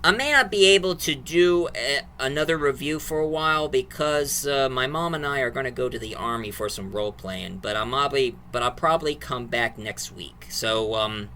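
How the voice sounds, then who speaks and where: Guy rambling through a movie recap, bright piercing voice, lots of ums. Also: mid-range voice, moderate pace, few pauses, slight background noise. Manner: rambling plot recap, restarts and fillers. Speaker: movie reviewer. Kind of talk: casual video review.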